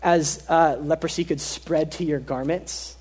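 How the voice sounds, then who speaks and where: A man with a fairly high voice preaching a sermon, earnest and emphatic. He repeats key lines and drops to a soft, quiet voice when he wants something to land. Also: steady tone, a little slow, breathy edge. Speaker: pastor.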